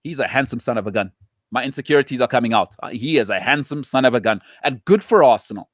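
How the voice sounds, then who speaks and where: A middle-aged man hosting a talk show, giving emphatic, punchy football opinions with quick repetitions. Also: medium pitch, lively intonation, no echo, studio quality. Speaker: show host.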